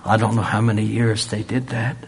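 A man preaching a sermon, pressing rhetorical questions and swinging from loud emphasis to a near-whisper. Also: on the low side, little pitch movement, fairly quick, a little hiss or hum.

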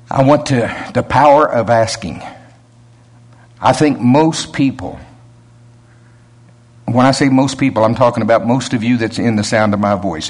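A man preaching a sermon in a conversational way, rising to emphatic peaks and chuckling between points. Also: on the low side.

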